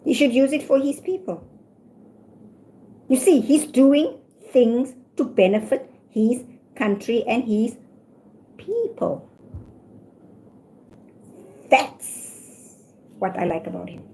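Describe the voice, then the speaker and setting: A woman's voice: on the high side, animated, takes it slowly, pauses often, mellow, slight background noise, poor audio. Candid woman livestreaming. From South Africa. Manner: candid, emphatic, talks through her reasoning. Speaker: livestream host. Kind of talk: opinionated casual livestream chat. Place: at home.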